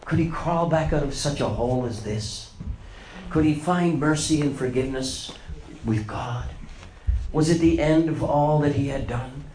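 A man's voice: mid-range voice, a little mellow. A man preaching a sermon, retelling a story with rising and falling dramatic intensity. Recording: roomy echo, faint noise.

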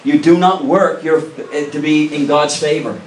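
A man with a slightly high voice and a steady, unhurried delivery preaches earnestly and emphatically, questioning his congregation directly. The church sanctuary gives a roomy echo, his voice is distant, and a little hiss or hum runs underneath.

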